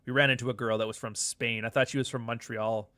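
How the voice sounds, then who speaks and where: A man's voice: medium pitch, little pitch movement, fast, bright, forceful tone, dry recording. Joking, profane man hosting a live chat show. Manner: loose, profane, joking banter with frequent asides. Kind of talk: casual livestream chat, reading viewer comments.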